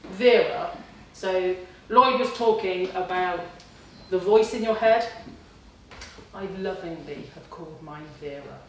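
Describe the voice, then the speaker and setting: A woman in her forties speaks to a class, telling her story with lively acted-out quotes. She stands away from the microphone in a strongly echoing hall with faint room noise behind her. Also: medium pitch. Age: 40s. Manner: storytelling, animated, acts out her own inner voice. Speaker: kickboxing student giving a talk. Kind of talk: speech to a class. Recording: distant and very echoey with faint ambience.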